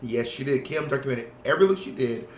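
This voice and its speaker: An animated man with a New York accent co-hosts a casual podcast chat. He talks fast in loose asides and laughs often. His voice sits in an echoey room with a faint hum of ambience behind it. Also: mid-range voice. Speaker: podcast co-host.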